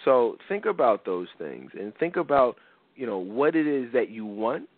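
Brief: young male radio host, casual advice talk, animated quoted voices, dry narrow phone-like sound. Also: normal speed, no echo. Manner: animated storytelling, acts out quotes with big pitch jumps. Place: radio studio.

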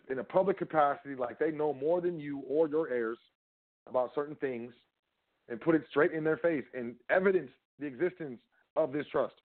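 A man giving a rambling, casual lecture, often asking and answering his own questions and talking straight to the listener. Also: a little high. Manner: rambling, rhetorical, talks to the listener directly. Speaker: trust law educator. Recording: phone-like narrow audio.

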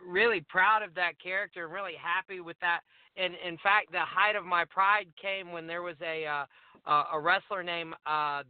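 A man, a wrestler guest, telling an animated story about his career, laughing often and acting out bits of dialogue. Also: sits high, smooth, dry recording. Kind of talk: casual phone interview storytelling. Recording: tinny phone line.

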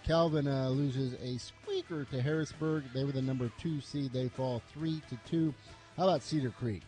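A man in his forties hosts morning sports radio at a brisk clip. He rattles off scores and a rundown of the show in an even, mid-pitched voice, with faint music behind him. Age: over 40.

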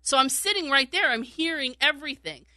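A woman's voice: high-pitched, lively intonation, fairly quick, pushed and bright, no room sound. A woman telling a casual story in a chat, laughing often and acting out what people said. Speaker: radio show regular, former call screener.

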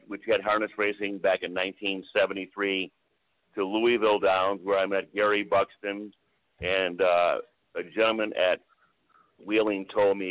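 Older guy spinning long anecdotes, real low voice, tinny phone sound. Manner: chatty anecdotal storyteller, many "I said, he goes" retellings. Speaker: racetrack announcer guest. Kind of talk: storytelling radio interview. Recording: phone-line call-in audio.

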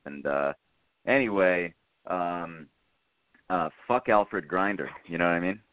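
A man's voice: sits low, unhurried, long pauses, clear, resonant tone, no room sound. A man in casual podcast chat, telling a story in a rambling way with many fillers. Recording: tinny phone-like dry sound.

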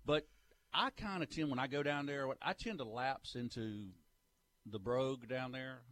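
A man's voice: medium pitch, normal speed, fairly bright tone, a little hiss or hum. Easygoing man hosting sports radio. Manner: easygoing, self-deprecating. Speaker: sports talk radio host. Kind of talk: casual sports talk radio banter.

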